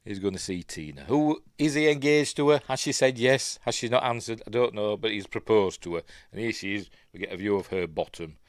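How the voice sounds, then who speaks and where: A man's voice: fairly low pitch, animated, fairly quick, few pauses, no room sound, studio quality. Rambling Yorkshire man reviewing a film. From Yorkshire, England. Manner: rambling, hesitant, lots of ums and asides. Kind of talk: casual film commentary.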